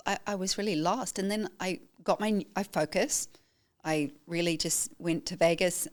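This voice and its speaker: A middle-aged woman talks as a podcast guest. Her voice sits a little low for a woman. She tells her story with emphatic, animated conviction and acts out the questions she asked people. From New Zealand. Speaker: guest, photographer and educator. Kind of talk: podcast interview.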